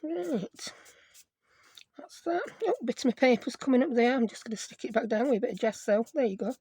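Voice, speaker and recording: A woman's voice: on the high side, animated, a little fast, mellow, slightly rough, dry recording. A woman hosting a casual craft tutorial, chatty and self-deprecating, thinking aloud as she works. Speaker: craft video host.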